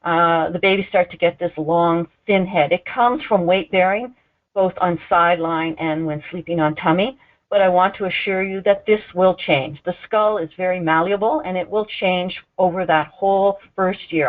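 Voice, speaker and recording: A woman giving an educational talk on newborn care, explaining gently and clearly, sometimes slowing to voice a baby's cues. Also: on the low side, fairly even intonation. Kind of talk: recorded educational presentation. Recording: tinny phone-like sound.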